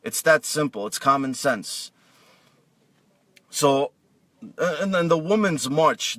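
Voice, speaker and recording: A man ranting aggressively about politics, tripping over his words and restarting often. His voice sits a little high. The recording is dry and picked up from some distance off the mic. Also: lively intonation, slow, pauses often, dry recording. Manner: aggressive, shouting, stumbling restarts. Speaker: political vlogger. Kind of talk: angry political rant.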